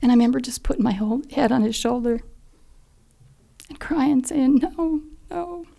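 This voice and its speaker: As a podcast guest, the mother of a fallen SEAL, an older woman, shares her personal story with earnest feeling, at times sinking to a near whisper. Her voice is a little high, gravelly and dark, at a moderate pace.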